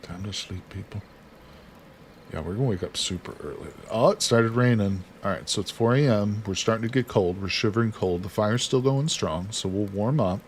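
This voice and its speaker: A man's voice: on the low side, normal speed, slight background noise. A man livestreaming a survival card game, casually talking through each move and chatting with viewers. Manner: chatty, reads chat aloud, talks himself through actions. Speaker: livestream host. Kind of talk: casual gameplay commentary.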